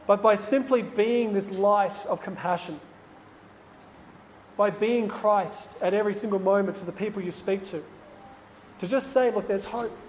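A priest speaks in an earnest, confiding tone, sharing a personal story with lay listeners. His voice sits high for a man. The room rings with a long reverb over a faint background hiss. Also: a little slow, long pauses, a little mellow. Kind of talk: personal talk to lay people.

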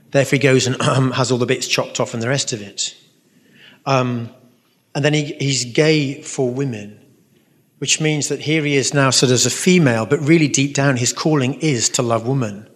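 A man's voice: medium pitch, normal speed. Earnest man telling stories in a reverberant hall. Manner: earnest, rambling storyteller with asides. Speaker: Catholic speaker and musician answering questions. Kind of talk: storytelling talk with audience Q&A.

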